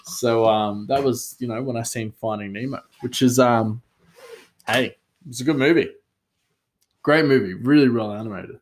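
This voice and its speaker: A man's voice: mid-range voice, normal speed, slight background noise. A man telling a casual, rambling story with many fillers, self-mocking and often laughing.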